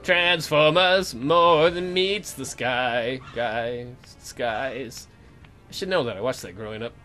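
Guy doing a lets play, bright high voice, joking around over faint music. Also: slow pace. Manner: jokey, reacts aloud to the game. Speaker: let's play host. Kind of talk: casual gameplay commentary.

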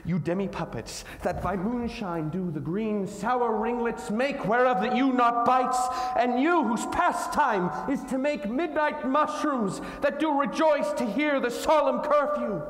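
A man playing an aging sorcerer who renounces his magic, reciting Shakespeare slowly and grandly on a stage. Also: extremely high pitch, a bit bright. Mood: solemn. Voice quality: slow, declamatory. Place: large auditorium, live audience. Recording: echoey hall, long reverb.

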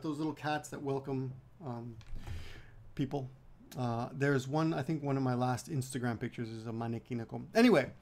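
A man giving a casual video language lesson at home, chatty, repeating phrases slowly with frequent restarts. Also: mid-range voice, creaky, a little mellow. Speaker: language teacher.

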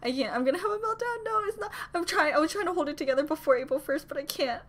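A young woman films an excited reaction video for YouTube, gushing and flustered, talking herself through it and casually swearing. Her voice sits high and a bit bright, animated and racing.

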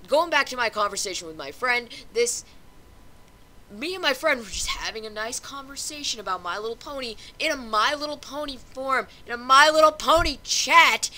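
A young woman ranting casually on her own vlog, swearing constantly and getting louder and higher as she gets worked up. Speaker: vlogger. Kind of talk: casual profane rant.

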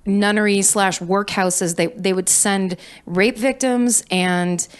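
A woman's voice: medium pitch, slow, clear, resonant tone. A woman in her thirties hosting a podcast, chatting casually and telling stories animatedly with a lot of swearing. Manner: animated storytelling with frequent likes and swearing. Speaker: podcast host. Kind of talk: casual chat.

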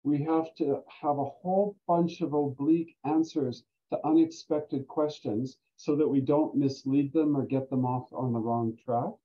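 Older man, very dark mellow voice. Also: a little high. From Canada. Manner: animated storyteller who laughs often. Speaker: guest speaker, volunteer standardized patient. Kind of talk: casual anecdotal talk. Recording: dull lo-fi recording.

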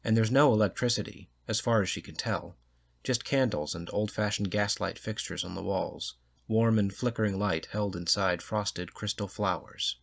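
Measured male narrator reading a story, lower register. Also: gravelly. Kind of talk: audiobook reading of a short story.

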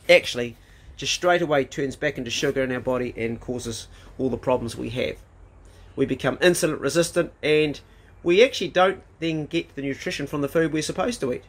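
A man talking bluntly and emphatically to camera, swearing freely while he makes his points. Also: fairly high pitch. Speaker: vlogger. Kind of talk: casual opinionated talk to camera. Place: outdoors in a garden, then indoors.

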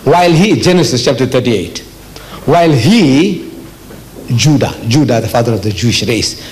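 A man's voice: mid-range voice, lively intonation, normal speed, darkish tone, rough recording. An older man from South Africa giving a public religious lecture, emphatic and repetitive, with frequent rhetorical questions. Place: lecture hall.

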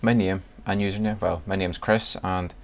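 Speaking at normal speed in a low, steady voice, a young man from Northern Ireland reads words aloud one by one for his vlog. He keeps things chatty in his Northern Irish accent and laughs between lines.

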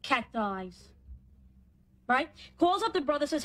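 A woman's voice: high-pitched, expressive, normal speed, fairly bright tone. A woman acting in a sitcom, telling a joke in a wry, dry way. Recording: TV sitcom audio with faint audience.

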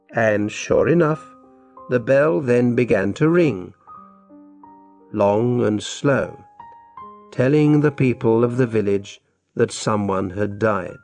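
A man narrating a graded reader story in a slow, clear way for language learners. His pitch rises and falls a lot as he reads. Soft music plays underneath him. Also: lively intonation.

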